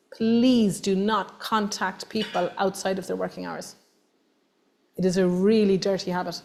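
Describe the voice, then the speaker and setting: Emphatic Irish woman presenting a workshop. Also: mid-range voice. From Ireland. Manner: animated, emphatic, acts out voices of others. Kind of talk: lively workshop talk to an audience. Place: meeting room with audience.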